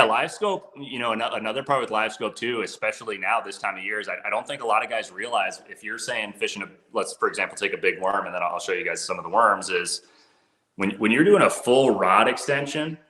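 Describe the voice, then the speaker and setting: A man's voice: on the low side, sharp tone, echoey room. A man who works as a fishing guide, talking gear in a laid-back way, saying "dude" and "bro". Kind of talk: casual gear talk.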